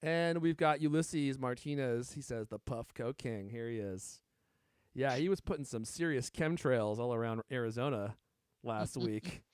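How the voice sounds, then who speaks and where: A man's voice: medium pitch, moderate pace, darkish tone, clear, resonant tone, no room sound. A man hosting a live-streamed podcast in a casual, joking way, teasing his co-hosts and reading out viewer comments. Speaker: podcast host.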